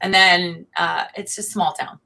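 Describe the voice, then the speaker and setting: A woman's voice: fairly low pitch, fairly even intonation, measured pace, creaky, pushed and bright, low-quality recording. A middle-aged woman, chatting animatedly as a guest and laughing often. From Oklahoma. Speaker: guest singer-songwriter. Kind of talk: casual interview chat.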